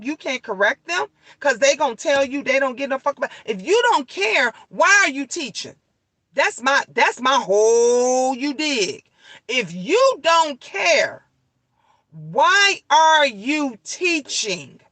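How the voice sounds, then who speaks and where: A woman's voice: high-pitched, a bit bright, no echo, low-quality recording. A middle-aged woman venting in a casual vlog on her lunch break, blunt and profane, repeating her points for emphasis. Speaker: leasing office worker vlogging on her lunch break.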